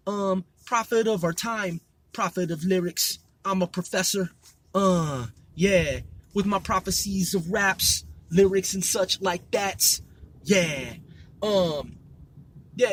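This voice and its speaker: A man's voice: high-pitched, fairly bright tone, slight background noise. A man hosting a solo podcast, rambling loosely with lots of swearing, fillers and repeated words. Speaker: podcast host.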